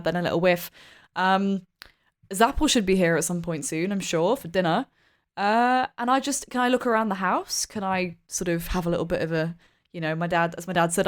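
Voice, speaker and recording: A woman talks through her moves in a tabletop game. Her voice sits a little low for a woman, and she rambles casually, trailing off with fillers. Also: clean tone. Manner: casual, chatty, hesitant with fillers. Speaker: player.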